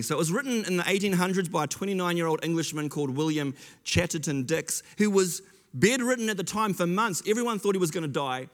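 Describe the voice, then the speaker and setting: A man's voice: sits high, fast talker, a bit bright. A man with a slightly raised voice gives a sermon in an easy, chatty manner. He keeps stopping short and restarting his sentences as he talks to the congregation. His voice carries a long reverb, as if he is speaking in a large hall. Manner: chatty, self-interrupting storyteller. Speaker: pastor.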